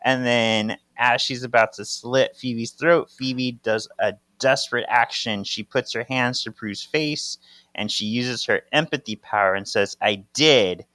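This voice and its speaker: A man's voice: mid-range voice, steady tone, a little slow, bright, forceful tone, no room sound. A man co-hosting a podcast, recapping a comic book panel by panel and briefly voicing the characters' lines. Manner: narrates panels and voices characters in brief quotes. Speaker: podcast co-host. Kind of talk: casual chat, reading a comic aloud.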